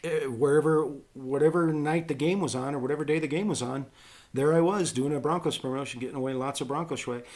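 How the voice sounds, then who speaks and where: A man's voice: fairly high pitch, quick pace, darkish tone. Middle-aged guy chatting on a podcast, rambly, lots of ums and restarts. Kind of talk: casual podcast chat.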